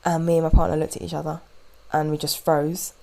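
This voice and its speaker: A young woman hosting a podcast, telling a story in an animated, indignant way with quick asides. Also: low-pitched, vocal fry, poor audio. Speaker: podcast host. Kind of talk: casual storytelling monologue.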